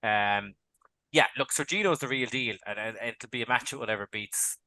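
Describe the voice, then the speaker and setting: Man, bright voice, chatty betting talk, quick with lots of restarts. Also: lowish voice, no echo. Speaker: horse racing tipster on a podcast panel. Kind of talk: casual betting chat.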